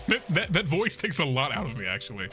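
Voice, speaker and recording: An excitable young man chats through a game stream, cursing freely, laughing a lot and breaking into shouts. His voice sits a bit high and swings wildly up and down, with game music playing clearly underneath. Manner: excitable, profane, laughs often, bursts into shouts. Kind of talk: casual gameplay stream chat.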